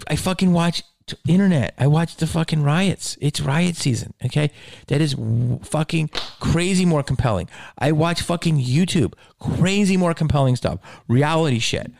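A man's voice: fairly high pitch, creaky, no echo, studio quality. A man doing a profane, emphatic stand-up rant about his schooling and distrust. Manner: profane, emphatic, rising to shouted rants.

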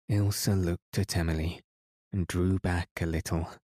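Slow, deep-voiced man reading a bedtime story. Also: steady tone, dry recording, clean studio sound. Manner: soft and unhurried. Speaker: podcast host and reader. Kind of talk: calm bedtime story narration.

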